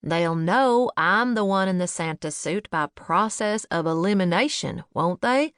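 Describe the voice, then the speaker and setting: A woman's voice: lowish voice, expressive, unhurried, clear, resonant tone, dry recording, clean studio sound. A woman voicing an easygoing, cheerfully stubborn older father who loves a prank. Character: jovial older Southern father, playful prankster.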